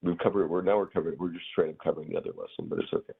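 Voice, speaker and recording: Deep husky male teacher, tinny line. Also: big pitch swings, rapid-fire. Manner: rambling, filler-heavy, acts out little scenes. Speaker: Arabic grammar teacher. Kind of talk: casual online class explanation. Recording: tinny phone-like audio.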